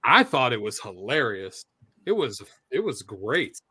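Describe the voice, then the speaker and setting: Sports stream guy rambling casually, bright and dry, medium pitch. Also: very animated, measured pace, husky, no echo. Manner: rambling, loose and chatty. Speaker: sports show co-host. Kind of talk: casual live-stream chat. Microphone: headset or earpiece monitoring a TV feed.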